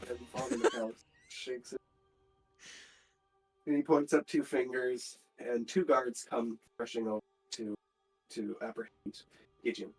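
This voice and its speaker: A man runs a tabletop game as its game master, his voice at a middling pitch. He narrates in a halting way, full of fillers and restarts. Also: steady tone, a little mellow, soft background music, rough recording.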